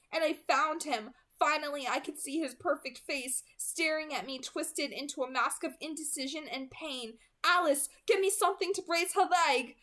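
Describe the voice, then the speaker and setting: A woman's voice: sits high, a bit bright. A woman narrating a novel aloud in the first person, reading with earnest drama. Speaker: reader.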